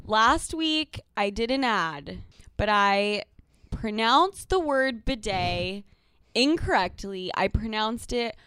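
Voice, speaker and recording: A woman's voice: fairly high pitch, slow pace, clean tone, no echo. A young woman co-hosting a podcast, telling stories bluntly and profanely in casual chat. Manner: blunt, profane and animated storytelling. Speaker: podcast co-host.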